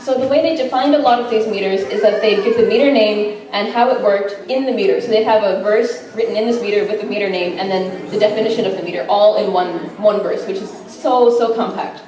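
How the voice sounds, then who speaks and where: A woman's voice: mid-range voice, brisk, hardly any pauses, a little mellow. Chatty woman presenting in an echoey room. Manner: enthusiastic, chatty, frequent fillers. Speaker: student presenter. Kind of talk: informal class presentation. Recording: echoey room, mic far off.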